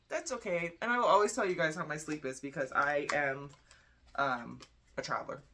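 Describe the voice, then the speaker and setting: A woman's voice: sits low, normal speed, sharp tone. A tired young woman giving a casual tarot reading, chatty and blunt, swearing freely. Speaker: tarot reader.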